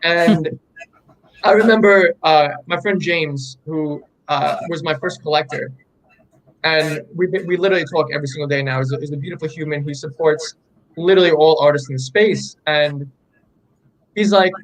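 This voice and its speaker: A young man in a candid interview, telling his story with eager enthusiasm and plenty of ums and restarts. His voice sits a little higher than most men's. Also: moderate pace, rough recording. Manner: enthusiastic, rambling storytelling with many fillers. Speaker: artist guest.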